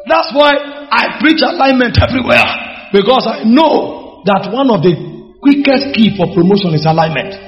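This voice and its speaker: A man preaching a sermon emphatically, with repeated phrases and rhetorical questions. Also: very high-pitched. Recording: echoey hall, dull sound.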